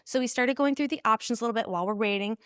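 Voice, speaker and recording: A woman guest telling an earnest personal story in a casual interview, laughing often and animated in her retelling. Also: on the high side, rapid-fire, clean tone, dry recording, clean studio sound. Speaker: pregnancy center staff guest.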